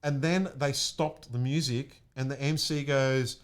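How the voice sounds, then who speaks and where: A young man from Australia, telling an excited story in a casual chat and acting out what people said. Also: medium pitch, unhurried. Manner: excited, animated, acts out quotes. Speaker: guest, music producer.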